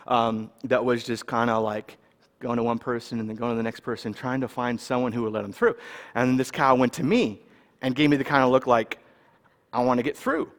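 Male pastor, mid-pitched voice, relaxed storytelling sermon, lots of "right?" asides, big echoing sanctuary. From California, US. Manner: casual, animated storyteller, checks in with the audience. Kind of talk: sermon with personal stories.

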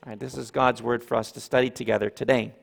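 A man preaching a sermon as pastor, emphatic and animated, with asides to the congregation. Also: mid-range voice, fast, gravelly. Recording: reverberant hall.

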